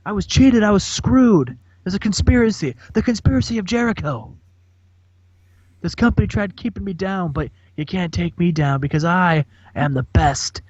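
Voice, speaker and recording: A man's voice: high voice, darkish tone, no echo, voice pushed up. A man voicing a cocky, self-pitying male champion wrestler who complains of being cheated. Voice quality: indignant, raised voice. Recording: dull dry lo-fi mic.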